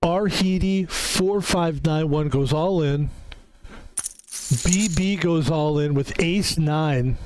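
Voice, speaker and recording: A man's voice: a little high, slow pace, a little mellow, clean tone. A man casually commentating his own online poker game, rambling and correcting himself, with the odd swear word when he loses a hand. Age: adult. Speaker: gaming video host.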